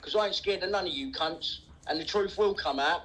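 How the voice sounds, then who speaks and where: A man's voice: high-pitched, a little fast, fairly bright tone, rough recording. A man ranting angrily on a livestream, swearing and taunting. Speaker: livestream host. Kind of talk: angry livestream rant.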